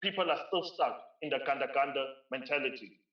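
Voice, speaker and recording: A man's voice: medium pitch, fast. A South African man giving a conference keynote speech, emphatic and driving points home by repeating phrases. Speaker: keynote speaker. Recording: roomy, distant, dull lo-fi sound.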